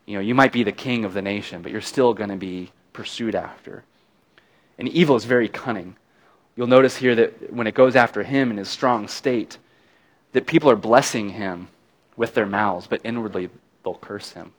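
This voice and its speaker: A man's voice: lowish voice, moderate pace. A middle-aged man preaching a sermon in a conversational, folksy way, with easy laughs between points. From not from Alabama. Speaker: pastor.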